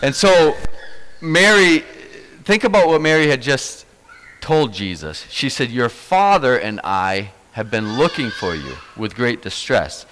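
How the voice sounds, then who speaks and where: Lively preacher man in a reverberant hall. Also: on the high side. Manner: animated storytelling, acting out quoted lines. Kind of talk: sermon.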